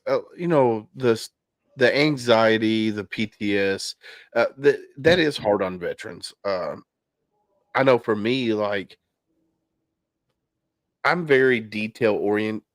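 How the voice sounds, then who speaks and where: A man's voice: lowish voice, a little slow, dry recording, clean studio sound. A man hosting a casual podcast chat, candid and loose, with plenty of restarts and fillers. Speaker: podcast host. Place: home basement.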